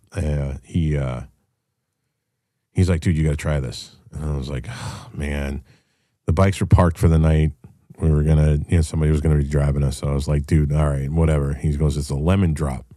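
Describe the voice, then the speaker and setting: A man's voice: extremely low pitch, warm tone, dry recording, clean studio sound. A man hosting a casual call-in chat, telling stories in a blunt, profane way. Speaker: show host.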